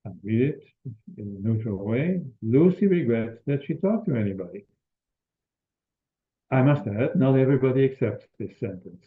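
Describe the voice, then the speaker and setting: A man's voice: mid-range voice, lively intonation, normal speed. Older man lecturing, echoey thin sound. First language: Dutch. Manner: hesitant, restarting, explanatory. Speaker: linguistics lecturer. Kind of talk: academic seminar lecture. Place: lecture room. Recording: echoey room over a thin phone-like line.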